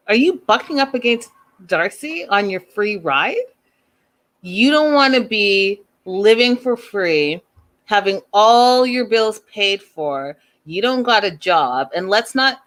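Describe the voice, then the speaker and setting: A woman's voice: mid-range voice, fairly bright tone. Chatty, opinionated woman host. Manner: chatty and opinionated, with rhetorical questions. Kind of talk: casual reality TV recap.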